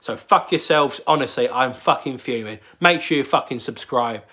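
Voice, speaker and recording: A man's voice: mid-range voice, moderate pace, bright, forceful tone. A young man giving an angry, swear-heavy football fan rant straight to camera.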